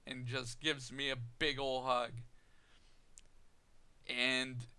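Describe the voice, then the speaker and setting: A man vlogging an emotional personal story, halting and full of restarts and fillers. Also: medium pitch, level tone, bright, forceful tone, clear, resonant tone. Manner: halting, many "you know" fillers and restarts.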